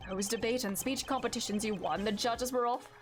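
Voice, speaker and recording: A woman's voice: a little high, fast, over music. A woman streamer chatting casually over gameplay, emotional and exclaiming, swearing freely.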